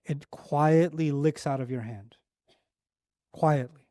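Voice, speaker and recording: Man, middle-aged, Quran lecture, animated storytelling, high voice, dry close sound. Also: takes it slowly, no echo. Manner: animated storytelling, pitch rising high for emphasis and dropping low and quiet. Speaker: Quran teacher.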